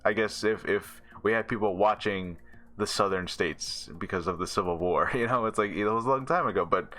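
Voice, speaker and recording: Male reviewer, low-pitched and bright, loose rambling delivery full of fillers. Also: moderate pace. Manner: rambling, many fillers and restarts, laughs often. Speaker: show reviewer. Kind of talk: casual video review.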